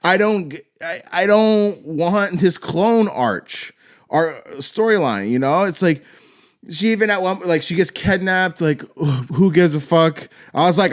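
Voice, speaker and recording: A man's voice: sits high, animated, measured pace. A man hosting a solo film-review podcast, ranting with constant swearing, exasperated and rambling with frequent restarts.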